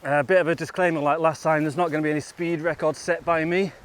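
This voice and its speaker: A man's voice: a little high, steady tone, fast talker. A man vlogging outdoors on a bike trail, chatting casually and laughing often between remarks. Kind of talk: casual chat while riding.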